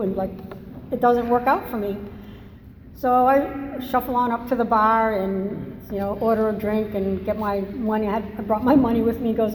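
A woman's voice: on the high side, fairly even intonation, moderate pace, a little mellow, a little hiss or hum. Candid woman in an echoey hall. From Massachusetts. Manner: candid, self-mocking, conversational. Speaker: speaker sharing a recovery story. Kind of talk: personal testimony talk. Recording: echoey hall with long reverb.

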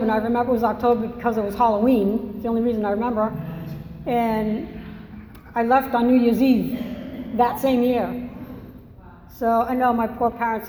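A woman's voice: on the high side, darkish tone, a little hiss or hum. A woman from Massachusetts telling her own story in a candid, self-mocking, conversational way. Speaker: speaker sharing a recovery story. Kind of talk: personal testimony talk. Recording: echoey hall with long reverb.

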